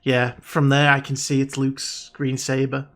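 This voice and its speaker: A man hosting a reaction video, gushing with excited fan exclamations in casual commentary. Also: mid-range voice, unhurried. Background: faint show soundtrack music.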